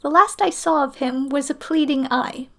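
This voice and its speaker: A woman reading a story aloud in a measured, expressive way, as a storyteller. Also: high voice.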